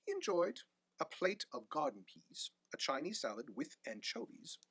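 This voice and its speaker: Animated storybook reader, husky and bright. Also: male voice, fairly high pitch, normal speed, no room sound. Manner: animated rhyming read-aloud. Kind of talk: reading a picture book aloud.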